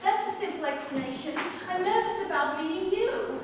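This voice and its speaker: A jittery, stammering suburban mother, acted by a woman on stage in a high voice. She sounds far off in a big echoing hall, with a long reverb and some clear background noise from the room. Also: animated, fairly quick. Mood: flustered. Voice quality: flustered, stammering, fretful. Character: nervous married suburban mother, flustered. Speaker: amateur stage actress. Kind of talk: live amateur stage play. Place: theatre stage.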